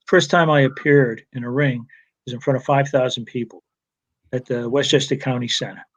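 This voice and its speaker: A man's voice: mid-range voice, steady tone, moderate pace, fairly bright tone. A man, a retired wrestling referee, telling rambling stories from his career with restarts and chuckles over a remote call. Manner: rambling anecdotes with restarts and laughs. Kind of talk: casual storytelling interview.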